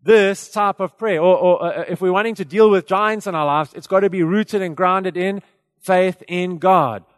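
Pastor, male, higher voice, lively chatty preaching style, hall reverb. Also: normal speed. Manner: energetic, conversational preaching with frequent fillers and restarts. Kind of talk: sermon.

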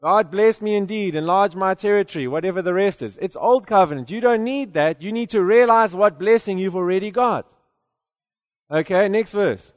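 A man with a high voice preaches, his words ringing in a hall with a long reverb. He talks in a loose, conversational way, stumbling over repeated words, then rises to forceful declarations. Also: normal speed. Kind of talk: sermon.

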